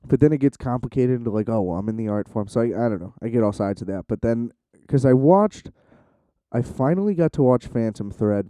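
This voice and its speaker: A man rambles through his own casual solo podcast, talking fast with lively intonation, a warm mid-range voice, plenty of fillers, and lots of swearing, while calling himself shy. The recording is dry and studio quality.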